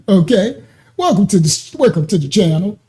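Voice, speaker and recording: A livestream host with a dark, mellow tone talks to the chat with steady mid pitch. The delivery is teasing and mocking, full of short taunting questions and frequent laughter as trolls are called out. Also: normal speed. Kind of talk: livestream reacting to chat comments.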